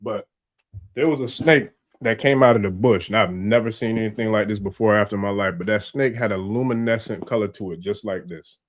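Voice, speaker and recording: A man hosting a livestream on a video call, relaxed, chatting in rambling asides. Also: fairly low pitch, a little fast. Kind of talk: casual livestream conversation.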